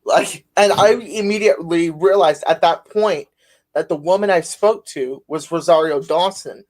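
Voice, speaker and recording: A podcast host with a fairly high but darkish voice tells loose, rambling stories at a moderate pace, peppering his casual conversation with fillers.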